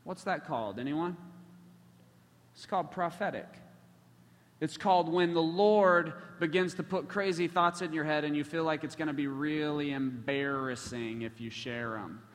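A man's voice: on the high side, moderate pace. A man preaching a sermon, telling stories and joking with the congregation. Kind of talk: sermon storytelling. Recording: long hall reverb.

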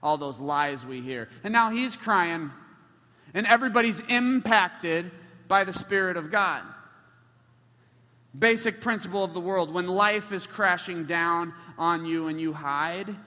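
Preacher, male, higher bright voice, lively and joking with the crowd, heard in a hall. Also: a little slow. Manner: animated, joking with the congregation. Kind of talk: sermon storytelling. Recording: long hall reverb.

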